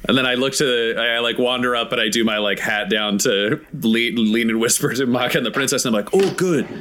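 A man's voice: mid-range voice, steady tone, fast talker, pushed and bright. A man playing a tabletop game in an easygoing, plain way. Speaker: player. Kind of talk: casual tabletop play.

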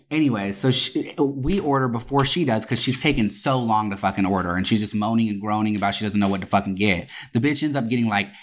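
Profane, animated woman telling a story. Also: very deep voice, slight background noise. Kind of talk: casual storytelling chat.

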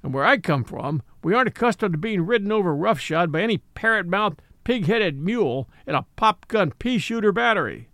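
A proud cavalry horse, touchy about his breeding, who talks in a haughty, dry way. A man voices him fairly high, with a lot of rise and fall. The mic is close and dry. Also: expressive, brisk, hardly any pauses, a bit bright, no echo. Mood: angry.

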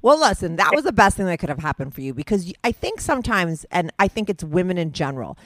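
A woman host with a somewhat low voice, talking straight to her caller in a blunt, casual way and swearing freely. She sounds dry and close, with no room echo. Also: sing-song, fast talker. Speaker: host giving advice. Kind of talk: casual advice chat.

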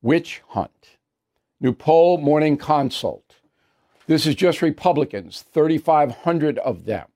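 A man's voice: on the high side, lively intonation, measured pace, dark tone. Emphatic opinion news host, man. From New York. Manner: emphatic, repetitive, blunt.

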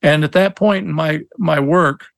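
A man's voice: fairly high pitch, a little slow, vocal fry, no echo. A middle-aged man, an attorney, telling stories in an interview, earnest and emphatic, with many restarts. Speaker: attorney, podcast guest. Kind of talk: conversational interview storytelling.

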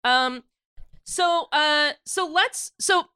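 A woman co-hosting a music podcast in casual chat, laughing often and halting with fillers. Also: sits high, sharp tone, dry recording, clean studio sound. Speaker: podcast co-host.

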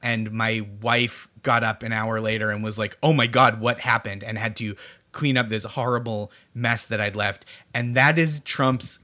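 A man's voice: fairly low pitch, fairly even intonation, normal speed, sharp tone. A man co-hosting a casual political talk show, joking in a wry, self-deprecating way. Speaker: podcast co-host.

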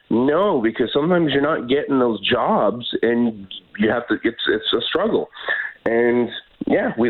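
Canadian man laughing down a phone line. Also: medium pitch. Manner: laughing, lively storytelling with many restarts. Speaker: guest actor. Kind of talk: phone interview.

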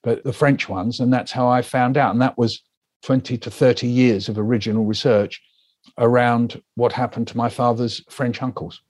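A man's voice: mid-range voice, moderate pace, no echo. Older man telling a story vividly. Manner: animated storyteller acting out quoted voices. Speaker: guest author. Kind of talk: storytelling interview answer.

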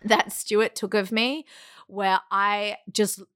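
A woman in her thirties chats as a podcast guest, telling her story with plenty of life, acting out sounds and laughing between lines. Her voice sits at a middling pitch, and the recording is close and dry with no room around it. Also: slow pace, smooth, no room sound. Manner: animated, acts out quotes and sounds; laughs often mid-story. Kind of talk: casual storytelling chat.

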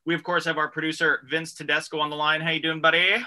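A man hosting a radio comedy show, talking in an upbeat, jokey way with drawn-out announcer phrasing. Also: on the high side, completely flat delivery, sharp tone.

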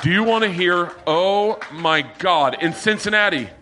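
A man hosting a live podcast, telling swearing, animated stories and acting out the voices of the people in them. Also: sits high, a little slow, background noise. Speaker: comedian podcast host. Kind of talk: storytelling to a live audience. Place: bar with live audience.

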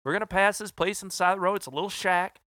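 A man's voice: sits high, dry recording, studio quality, voice pushed up. A man voicing an eager, friendly male sales rep from the American South who speaks with a drawl. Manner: excited, pushy, talks quickly.

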